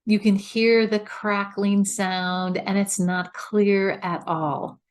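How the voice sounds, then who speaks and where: A middle-aged woman teaches as a voice coach, explaining each step patiently. She speaks slowly and carefully at a medium pitch, leaving room between her points. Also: level tone. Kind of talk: instructional talk.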